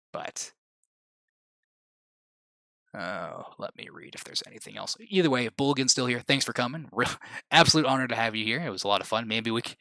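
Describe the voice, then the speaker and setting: Bright-voiced man chatting on a livestream. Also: mid-range voice, no room sound. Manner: rambling, restarts, laughs at own remarks. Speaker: livestream host. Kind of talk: casual livestream chat.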